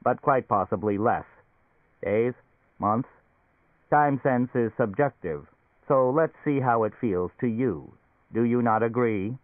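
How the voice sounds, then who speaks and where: A man's voice: medium pitch, slow pace, long pauses, dry recording, lightly acted. A man voicing an obliging machine therapist in a suitcase, with a tinny sound and a polite, explanatory manner. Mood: coaxing. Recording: dry, phone-like narrow sound.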